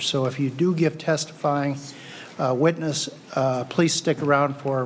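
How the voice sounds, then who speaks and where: A man's voice: on the high side, a little hiss or hum. A man chairing a legislative committee hearing, laying out procedure with frequent filler words.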